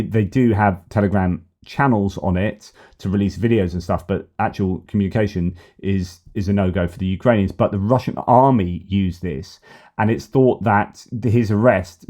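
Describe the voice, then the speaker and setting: A man's voice: fairly low pitch, mellow, lo-fi sound. A man hosting a casual news commentary vlog, wry and opinionated, thinking aloud as he goes. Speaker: news commentator and channel host.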